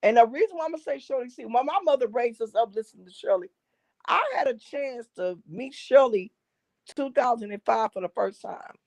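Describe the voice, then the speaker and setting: A woman, a guest gospel artist, telling a long story in an animated way and acting out the voices in it. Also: on the high side, brisk, dry recording. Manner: lively, acts out voices in her stories.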